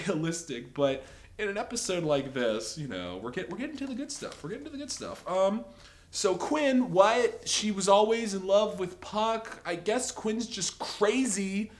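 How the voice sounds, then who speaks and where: A man giving an opinionated, rambling TV review, exasperated and sarcastic, full of filler words. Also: high-pitched. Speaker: TV episode reviewer.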